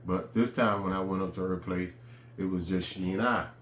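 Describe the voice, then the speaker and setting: A man casually telling a personal story in a relaxed, conversational way, with frequent fillers. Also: low voice, normal speed, a little hiss or hum. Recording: roomy echo with faint ambience.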